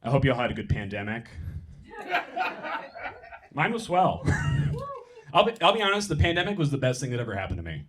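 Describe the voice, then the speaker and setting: A young man doing stand-up on a comedy club stage, talking into a handheld mic and delivering quick, deadpan punchlines. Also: medium pitch, a little hiss or hum. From San Francisco. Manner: deadpan, quick punchlines, mock voices for bits.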